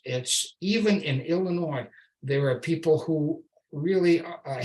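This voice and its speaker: A man giving a public slide lecture, wry and sarcastic, stressing key words slowly, with frequent restarts and fillers. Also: medium pitch, rough recording. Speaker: invited speaker giving a slide talk.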